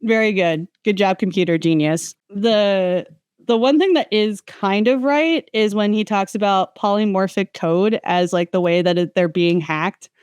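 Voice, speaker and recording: A woman chats on a podcast, her smooth, resonant voice recorded dry and close. She wanders through long technical tangents, full of fillers and restarts. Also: medium pitch, measured pace, a little mellow, no echo. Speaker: guest. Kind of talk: casual podcast chat.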